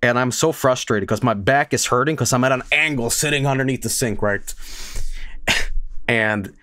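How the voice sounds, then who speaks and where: A young man, a game streamer, telling a rambling story at home on a desk mic, animated and laughing, with swearing and sudden loud outbursts. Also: medium pitch, moderate pace, no echo. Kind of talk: casual storytelling on a live stream. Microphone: desk microphone.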